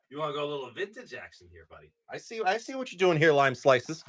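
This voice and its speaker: A man's voice: mid-range voice, big pitch swings, brisk, vocal fry, few pauses, fairly bright tone. A man hosting a live stream, opening card packs and upbeat as he thanks viewers by name.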